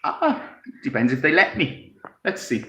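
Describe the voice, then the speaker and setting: A man's voice: on the high side, big pitch swings, a little slow, sharp tone. A man from Wales with a Welsh accent, casually chatting on a live stream from his home, reading out comments, rambling and chuckling as he sips tea. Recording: echoey room.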